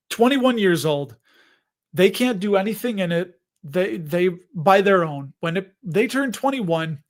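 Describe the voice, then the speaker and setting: A man in his forties hosting a casual livestream, chatting and joking while answering viewer questions. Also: high voice. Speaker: host of investing livestream.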